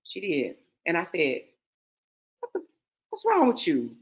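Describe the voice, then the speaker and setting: A woman host, casually telling a personal story in a candid, emphatic way, moving between hushed asides and loud stresses. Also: fairly low pitch, huge pitch swings, a little slow.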